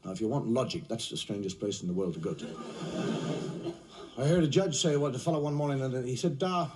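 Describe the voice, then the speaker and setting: A man's voice: medium pitch, quick pace, mellow, distant mic. A man telling stand-up jokes in a wry, conversational way. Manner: wry, conversational, relishing punchlines. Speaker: comedian. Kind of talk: stand-up storytelling.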